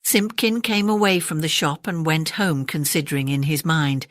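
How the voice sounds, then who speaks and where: A woman with an English accent reading a classic children's story aloud, gentle and expressive. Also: low-pitched, moderate pace, no echo, clean studio sound. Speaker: audiobook narrator.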